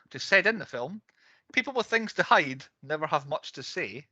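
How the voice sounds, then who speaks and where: A man's voice: on the high side, expressive, moderate pace, sharp tone, husky, no echo, muffled recording. A man co-hosting a casual film-review podcast, chatty and often laughing as he runs through his categories. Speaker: podcast co-host.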